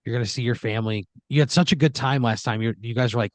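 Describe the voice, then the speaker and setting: A man's voice: mid-range voice, fast, dry recording. A man hosting a podcast and improvising a horror comedy story in the second person, with frequent "like" fillers.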